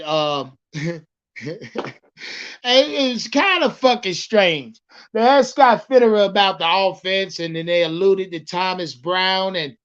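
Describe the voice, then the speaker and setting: Talking football with his livestream viewers, this commentator is profane and rambling, repeats himself, and calls out the chat. His voice is high-pitched with a fairly bright tone, and the recording sounds muffled.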